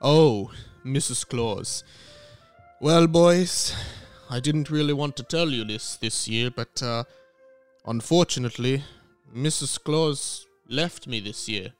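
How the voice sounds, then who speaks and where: A man's voice: medium pitch, slow pace, clear, resonant tone, soft background music. A man voicing a smug, callous old Santa Claus in an improvised comedy sketch. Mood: wistful. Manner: self-satisfied, dismissive, snaps insults.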